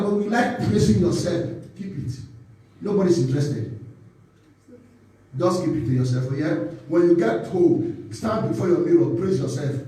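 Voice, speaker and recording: A man's voice: fairly high pitch, mellow. A man preaching a sermon as pastor, emphatic and calling out for responses from the congregation. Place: church hall. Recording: echoey church hall from far off.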